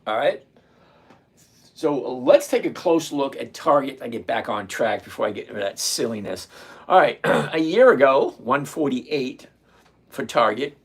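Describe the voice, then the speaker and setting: A man, hosting a casual trading livestream and chatting with viewers by name, relaxed and quick to laugh. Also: medium pitch, husky. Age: 60s. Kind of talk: casual livestream chat reading viewer comments.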